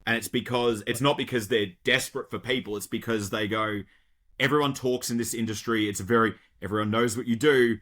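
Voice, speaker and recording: An Australian man, a podcast guest, chatting casually and telling stories in an animated, talkative way over a video call. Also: mid-range voice, a little fast. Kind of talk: casual chat.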